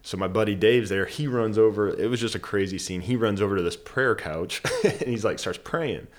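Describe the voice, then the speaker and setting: A podcast guest with a lowish voice and lively intonation speaks at a moderate pace in casual conversation. He tells a personal story earnestly, rambling with many fillers and leaning heavily on "like."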